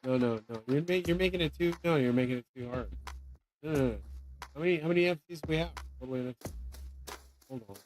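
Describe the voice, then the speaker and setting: A man's voice: mid-range voice, fast, long pauses, faint music behind. A man hosting his own channel, talking in a profane, rambling, angry monologue full of grand claims. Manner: angry, swearing, grandiose ranting. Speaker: channel host.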